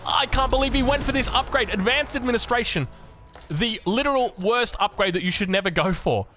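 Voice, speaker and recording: An excitable Australian man commentating a strategy game, chatty and jokey, sometimes breaking into shouts. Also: very high voice, a little fast. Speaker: game caster.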